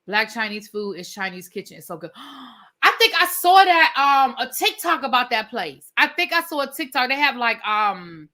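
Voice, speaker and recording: A woman's voice: on the high side, lively intonation, normal speed, few pauses, bright, forceful tone. A woman hosting a livestream as a reality TV reviewer, giving blunt, opinionated commentary with casual swearing and replying to viewer comments.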